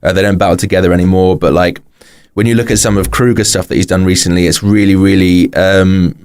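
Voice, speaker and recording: A man with a very low, deep British voice talks casually on a podcast. He explains at length, circling back with lots of fillers and restarts. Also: steady tone, fast, darkish tone, clear, resonant tone. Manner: rambling, filler-heavy explanations. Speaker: podcast guest, rapper and author.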